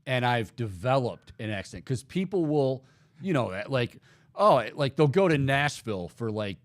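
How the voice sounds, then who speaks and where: Lively male sports-talk host, reels off stats, dry booth sound. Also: mid-range voice, normal speed, no echo. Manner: animated, laughing, rattles off stats. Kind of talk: casual sports talk show.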